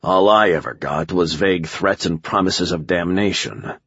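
A man's voice: sits low, normal speed, fairly bright tone, slightly rough, no echo, lo-fi sound, exaggerated voice. Man reading a sour, muttering male sidekick.

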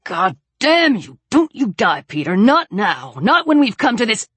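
A woman voicing a gruff older male soldier who talks in rough, clipped orders. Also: fairly high pitch, big pitch swings, measured pace, no echo, pitched above the performer's own voice, exaggerated voice.

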